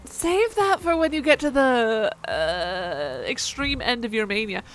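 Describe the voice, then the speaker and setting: A woman's voice: fairly high pitch, very animated, unhurried, faint music behind. A woman streamer playing a video game, joking, swearing and talking back to the characters as she reads their lines aloud. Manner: jokey, swears freely, talks back to the game. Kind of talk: casual let's-play commentary, reading game dialogue aloud.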